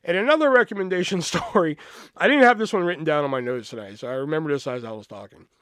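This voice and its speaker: A man's voice: fairly high pitch, fast, no room sound, clean studio sound. A man in his thirties hosting a podcast, telling rambling comedic anecdotes with a lot of swearing. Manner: animated, profane, rambling anecdotes. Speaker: podcast host. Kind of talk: comedic storytelling.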